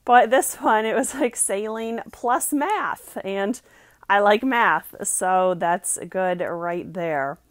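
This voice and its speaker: A woman's voice: medium pitch, takes it slowly, dry recording. A woman giving a casual, chatty book review and reading passages aloud.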